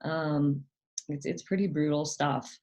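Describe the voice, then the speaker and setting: A woman with a low, dark voice hosts her own channel, speaking slowly with fairly even intonation. She talks casually to the camera, hesitating and using lots of fillers. When quoting her parents, she slips into a raised, mocking voice.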